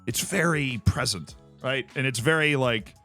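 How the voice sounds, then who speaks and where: A man streaming a game, telling stories in a casual, animated way and laughing often. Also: mid-range voice, moderate pace, faint music behind. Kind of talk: casual chat while playing a game.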